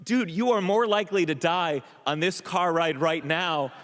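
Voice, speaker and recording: A man's voice: fairly high pitch, normal speed, a bit bright, in a large hall, natural voice. A man quoting a laid-back van driver, drawling and blunt, on a comedy stage.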